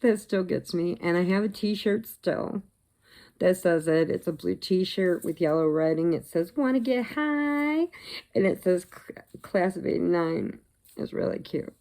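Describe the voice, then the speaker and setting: A middle-aged woman chats through a casual vlog story, animated and quick to laugh at her own jokes. Her voice is low and gravelly, with a relaxed, unhurried delivery. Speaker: crochet vlogger.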